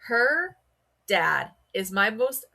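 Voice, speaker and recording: A woman's voice: a little high, very animated, drawn-out words, gravelly, pushed and bright. A woman co-hosting a book podcast in casual chat, talking with many "like" fillers. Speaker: podcast co-host.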